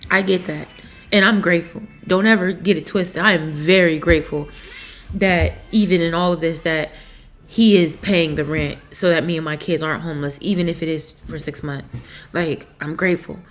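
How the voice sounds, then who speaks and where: A young mother from Pennsylvania speaking in a confessional vlog, emotional and halting, with many fillers. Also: sits low, fairly even intonation, fairly bright tone, soft background music. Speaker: vlogger and mother.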